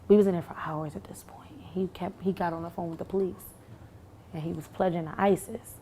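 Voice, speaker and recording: A young woman recounting what she lived through, halting with many fillers and restarts. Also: fairly low pitch, steady tone, dark tone, slight background noise. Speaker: shooting survivor. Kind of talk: recounting testimony to camera.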